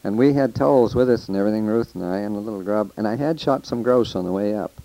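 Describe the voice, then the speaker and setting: A man's voice: on the low side, fast talker, gravelly, warm tone, no echo, rough recording. An older man telling rambling, folksy stories of the old days into a taped letter, with restarts and quoted voices. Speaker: storyteller recording a taped letter. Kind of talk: casual spoken reminiscence.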